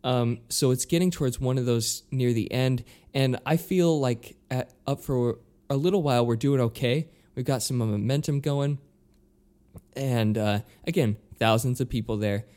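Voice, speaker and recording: Guy telling an embarrassing story, mid pitch, stammers, does the voices. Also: moderate pace. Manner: animated, acts out quoted voices, stammers when flustered. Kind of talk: casual storytelling chat.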